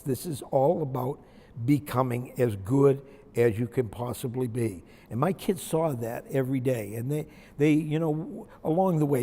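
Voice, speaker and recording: A man's voice: mid-range voice, vocal fry, warm tone, husky, big-room sound. An older man from Maine, a retired basketball coach, telling folksy, reflective stories from his career in an interview. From Maine, USA. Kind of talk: interview storytelling.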